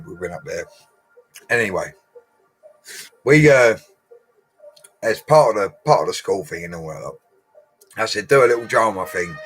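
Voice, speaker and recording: Husky, laddish man. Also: on the low side, fairly bright tone, low-quality recording. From Colchester, England. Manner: rambling, laddish banter with lots of laughing. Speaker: livestream host. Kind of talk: casual live-stream chat.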